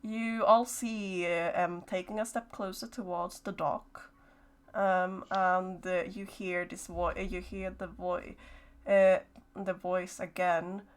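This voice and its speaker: Slow, hesitant woman game master. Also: lowish voice, little pitch movement. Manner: slow, hesitant narration with many fillers. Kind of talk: narrating a horror tabletop game.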